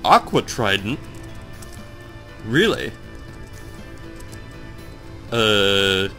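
A man in casual gameplay commentary, just up and groggy, rambling to his viewers and swearing as he gets lost and then excited. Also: lowish voice, slow pace, pauses often. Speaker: let's play commentator. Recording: faint game music behind.

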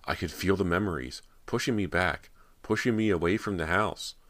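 A man's voice: rumbling low, a little fast, a bit bright. A man voicing a nervous, haunted teenage girl actress, speaking with emotion and a tremble. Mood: anxious.

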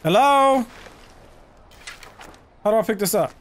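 A man giving casual, profane let's-play commentary, talking to himself and to the game and breaking into loud excited yells. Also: high voice, slow. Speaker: gaming channel host.

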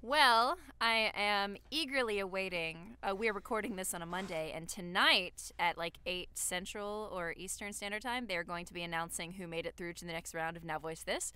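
A woman's voice: medium pitch, moderate pace, few pauses, clear, resonant tone. A woman co-hosting a casual podcast chat, eager and upbeat in her talk. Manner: eager, upbeat, animated asides. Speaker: podcast co-host.

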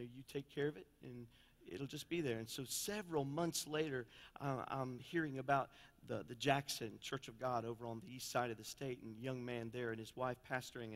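A man preaching a sermon as pastor, telling stories in a folksy way and swinging between loud and quiet passages. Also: mid-range voice. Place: church sanctuary. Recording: long church reverb.

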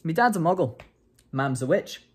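A man doing a loud, chirpy schoolboy wizard. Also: fairly high pitch, very animated, normal speed, husky, voice pushed up. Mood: cheeky. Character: cheeky schoolboy wizard, first year.

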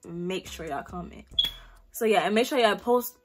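Over soft background music, a South Carolina vlogger in her late teens answers questions at a moderate pace, her mid-range voice carrying a breathy edge. The casual Q&A is blunt and slangy, with plenty of swearing.

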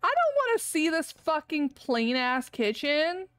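High lively voiced woman gaming on stream, cussing and laughing a lot, dry close mic. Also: unhurried, no echo. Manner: profane, exasperated ranting with frequent laughter. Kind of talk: live gameplay commentary.

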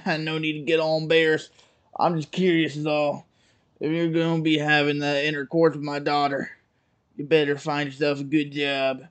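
A man voicing a brash, deep-voiced trailer-park mother who nosily teases her daughter's friend in a game reading. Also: completely flat delivery, normal speed, lightly acted. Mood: brash teasing. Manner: brash, teasing, nosy.

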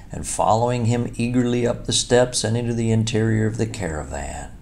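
A man reading a classic children's story aloud as an audiobook narrator, in a measured, expressive way. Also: low-pitched, a little hiss or hum.

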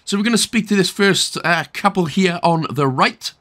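A man's voice: high voice, normal speed, a bit bright. A Welsh man hosting a game achievement walkthrough, talking through it with jokey, playful asides. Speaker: gaming video host.

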